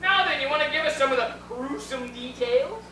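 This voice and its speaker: A woman playing a brash, bawdy female judge in a vaudeville stage sketch, firing off quick comebacks. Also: high voice, natural voice. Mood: wisecracking. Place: dinner theater stage. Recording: echoey room from far off, noisy.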